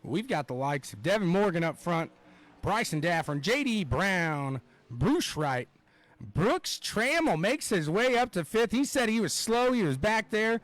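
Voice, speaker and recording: This is a young man calling a race live, his voice sitting a little high for a man. He talks in an excitable, rambling way, full of fillers and asides. The sound is dry and close, with no room echo. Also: unhurried. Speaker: race commentator. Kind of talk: live play-by-play commentary.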